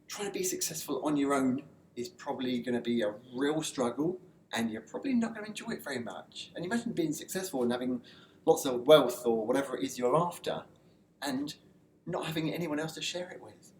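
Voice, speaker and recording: A man gives a personal development lesson to camera in a loose, relaxed, conversational way, with frequent fillers and restarts. His voice is at an ordinary middle pitch, and the recording has noticeable room echo over a faint ambient hum.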